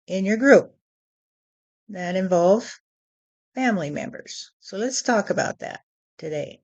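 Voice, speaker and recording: A woman delivers a channeled spiritual message at a very slow, deliberate pace, tucking in "you see" as she goes. Her voice sits at an ordinary middle pitch. The recording is dull and lo-fi. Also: a little mellow.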